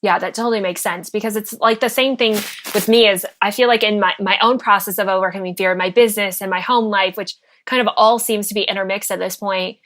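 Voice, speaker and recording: A woman's voice: mid-range voice, fairly even intonation, brisk, few pauses, fairly bright tone. A woman hosting a podcast interview, talking in a chatty, reflective way with many fillers. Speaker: podcast host.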